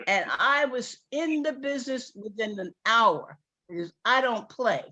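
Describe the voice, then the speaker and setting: A woman with a New York accent giving an excited, repetitive, rambling testimonial on a group phone call. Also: on the high side, a little slow. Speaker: distributor on a sales call.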